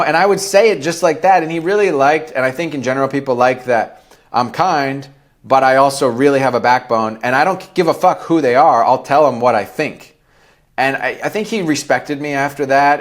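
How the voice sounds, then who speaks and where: Blunt, profane man with a higher voice. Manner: blunt and profane, acts out quoted dialogue. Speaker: podcast guest, entrepreneur. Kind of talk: candid storytelling interview.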